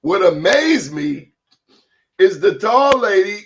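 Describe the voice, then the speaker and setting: A man hosting a casual talk show, telling a story with animated quoted voices. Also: high voice, slow pace. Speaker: host. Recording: dull lo-fi sound.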